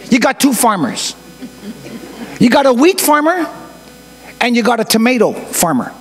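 A man's voice: very high voice, big pitch swings, moderate pace, long pauses. A man in his fifties preaching a sermon as pastor of a church, often asking the congregation questions and adding joking asides. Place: church sanctuary.

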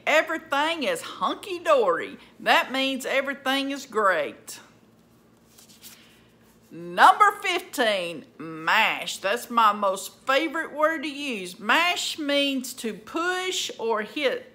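Southern lady vlogger, slow easy drawl, bright clear voice. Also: fairly high pitch, big pitch swings. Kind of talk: casual list explainer.

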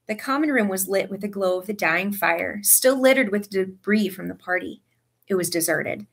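A woman reading a story aloud with expressive narration. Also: medium pitch, normal speed, vocal fry, husky. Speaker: audiobook reader.

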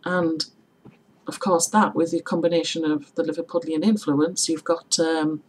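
Low-voiced Teesside woman chatting. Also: level tone, moderate pace, breathy edge, rough recording. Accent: Teesside (Middlesbrough). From Middlesbrough, England. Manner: chatty, explains with examples and spellings. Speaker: vlogger. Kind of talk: casual tag video chat.

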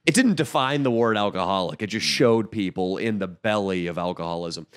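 A man's voice: low-pitched, expressive, brisk. Crude, laughing male podcast co-host. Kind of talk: casual podcast chat.

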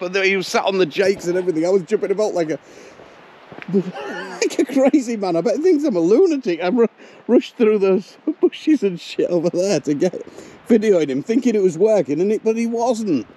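A middle-aged man with a Yorkshire accent chatting casually while driving his truck, swearing now and then. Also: high-pitched. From Yorkshire, England. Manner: chatty, swears casually, sings snatches of songs. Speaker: truck driver vlogger. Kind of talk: casual driving vlog chat. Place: in a truck cab and outdoors at a lake. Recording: loud road and wind noise.

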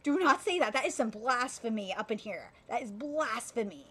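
Young woman, high voice, live reaction streamer: swears freely and yells in outrage. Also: moderate pace, slightly rough. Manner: swearing, excitable, shouts in outrage. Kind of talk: live anime reaction commentary.

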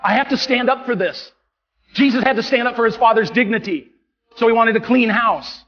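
A man's voice: extremely high pitch, a little fast, lo-fi sound. A man, a parish priest delivering an impassioned homily, indignant and full of rhetorical questions. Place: large church. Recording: long church reverb, faint music.

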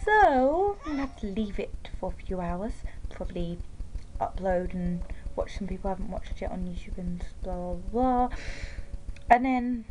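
A young woman chatting through a handheld game as a let's-play commentator, rambling and full of "like" and "um", and turning high and whiny when she gets upset. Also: normal speed, warm tone, faint music behind, poor audio.

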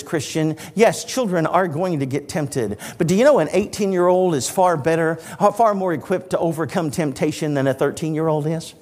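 High-voiced man in his sixties preaching. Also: big-room sound. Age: 60s. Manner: animated storytelling preacher with dry humor. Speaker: evangelist. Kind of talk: sermon. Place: church auditorium.

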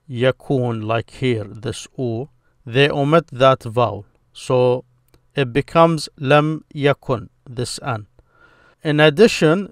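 A male teacher goes through a grammar lesson slowly and patiently, often pausing and restarting to make the point clear. His voice sits at a middle pitch. The recording is close and dry, with no room sound. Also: no echo. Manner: slow, patient explaining with pauses and restarts. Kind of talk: explanatory lesson.

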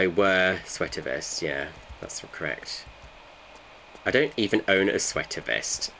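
Deep-voiced man, joking streamer. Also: bright, forceful tone, slight background noise. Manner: joking, bantering with chat. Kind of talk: casual live gameplay chat.

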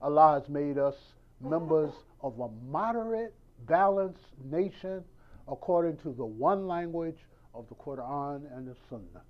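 A man's voice: fairly high pitch, animated, a little slow, lo-fi sound. A man preaching a sermon in a conversational style, acting out dialogues and firing rhetorical questions.

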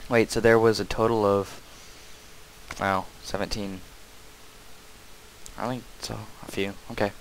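Low slow-talking man playing a game. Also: flat delivery, poor audio. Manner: loud bursts of yelling at enemies between mumbled asides. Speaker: gameplay commentator. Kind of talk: casual let's-play commentary. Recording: faint game noise behind.

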